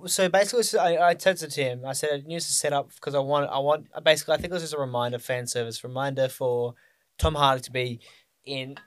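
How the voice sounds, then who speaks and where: A man's voice: medium pitch, steady tone, fast talker, smooth, no echo, studio quality. A man in casual film chat, rambling and often losing his thread. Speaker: podcast co-host. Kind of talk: casual chat about films.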